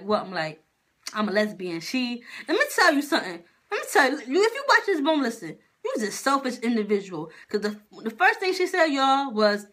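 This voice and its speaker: Animated young woman telling a story. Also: a little high. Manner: animated, slangy, talks straight to viewers. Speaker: vlogger. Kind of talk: casual storytelling to camera.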